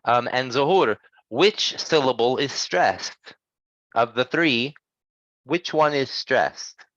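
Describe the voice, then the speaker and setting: A man runs a pronunciation lesson and patiently corrects his students. He models each sound slowly and clearly. The recording is dull and lo-fi, and very dry. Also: medium pitch, lively intonation, fairly bright tone, no room sound. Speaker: English pronunciation teacher. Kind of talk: online language lesson.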